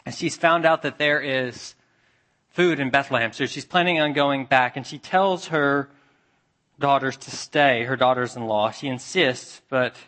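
A man preaching a sermon as pastor, earnest, dropping soft and low for the tender passages. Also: measured pace.

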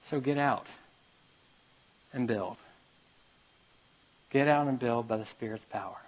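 A man preaches a sermon with a mid-range voice that rises to loud urgent calls. He then drops to a quiet, hushed storytelling tone, reading scripture aloud and telling a parable. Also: medium pitch, slow, rough recording. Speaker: pastor.

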